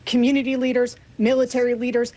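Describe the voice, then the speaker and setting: A woman guest delivers political commentary. She sounds frustrated and earnest throughout. Her voice sits a touch high. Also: level tone, fast, a little mellow.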